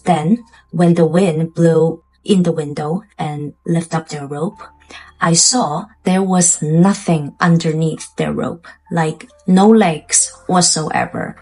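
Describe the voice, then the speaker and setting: A woman's voice: low voice, slow pace, mellow, soft background music, poor audio. A woman voicing a frightened old woman, speaking in a shaky, urgent voice as she warns a young man. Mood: shaken.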